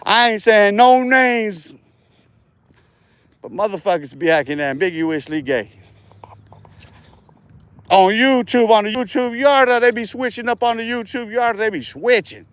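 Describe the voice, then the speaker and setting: Taunting viewers and laughing a lot, a man rambles through a profane rant on his own livestream. His voice is high for a man and a bit bright, with big pitch swings, very slow delivery and frequent pauses; the close, dry recording has no room echo.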